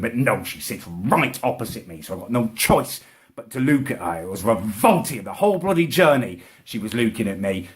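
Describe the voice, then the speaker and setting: A young man ranting furiously in a comedic vlog, swearing and full of petty indignation. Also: mid-range voice. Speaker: comedic vlogger.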